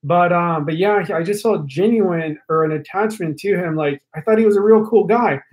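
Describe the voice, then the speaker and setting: A talkative young man chatting casually on a live stream, his voice sitting fairly high for a man. He rambles and restarts often, filling gaps with ums and uhs as he speaks to his viewers. His studio mic is held a little away from his face. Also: moderate pace, a little mellow, poor audio. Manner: rambling with many fillers and restarts; talkative, addresses viewers directly.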